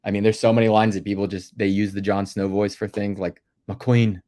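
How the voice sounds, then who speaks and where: A man in casual movie-podcast chat, enthusiastic and quick to laugh. His voice sits fairly low, and he often stalls on fillers before getting his point out. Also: little pitch movement, dark tone. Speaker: podcast co-host.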